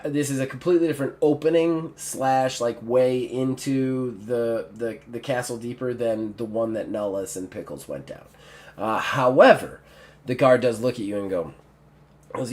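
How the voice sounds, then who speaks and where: A man's voice: mid-range voice, moderate pace. A man narrating a tabletop game as its game master. He rambles, fills gaps with "uh" and "like," and corrects himself mid-sentence, with a voice in the middle range for a man. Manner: rambling, filler-heavy, self-correcting.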